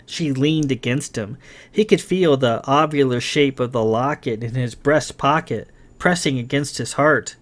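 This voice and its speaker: A man reading his science fiction novel aloud in a dramatic, expressive narration. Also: mid-range voice, unhurried. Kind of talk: scripted audiobook narration.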